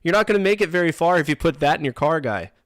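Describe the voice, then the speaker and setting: A man voicing a kind, helpful old Canadian man who loudly calls out a friendly warning. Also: on the high side, animated, fast talker, no echo, studio quality, pitched above the performer's own voice, natural voice. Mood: friendly alarm.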